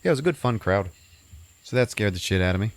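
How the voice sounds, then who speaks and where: A man's voice: lowish voice, expressive, fast talker, no room sound. A man hosting a podcast, casually retelling a movie plot in a rambling, profane way full of fillers. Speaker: podcast host.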